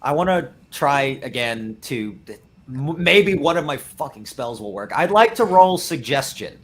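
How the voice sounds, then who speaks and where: A man's voice: medium pitch, lively intonation, a little slow. A man playing a tabletop game, talking casually and a little hesitantly. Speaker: player.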